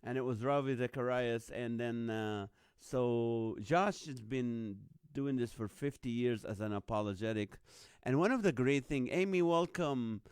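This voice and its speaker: A man's voice: medium pitch, unhurried, a little mellow, clear, resonant tone, no room sound, studio quality. A middle-aged man hosting a live online show in casual, rambling chat, greeting viewers by name.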